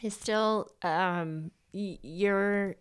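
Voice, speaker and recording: A woman's voice: medium pitch, drawn-out words, clean tone. A woman co-hosting a casual podcast chat, reading out poll questions and laughing often. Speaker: co-host.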